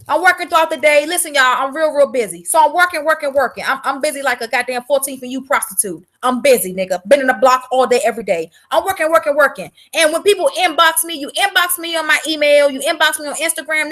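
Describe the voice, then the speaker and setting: A woman's voice: high voice, fairly bright tone. A woman ranting bluntly and profanely in a casual livestream, repeating words for emphasis. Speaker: vlogger selling herbal products.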